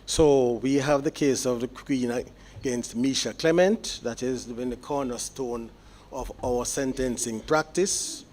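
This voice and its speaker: A man, a judge delivering sentencing remarks in court in a measured, explanatory way with deliberate pauses. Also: medium pitch, a little mellow, a little hiss or hum.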